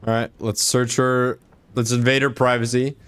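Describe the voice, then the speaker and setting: A man's voice: medium pitch, flat delivery, moderate pace, fairly bright tone, clear, resonant tone. A man casually joking and rambling as he streams a game. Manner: joking, rambling, laughs often. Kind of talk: casual gameplay commentary.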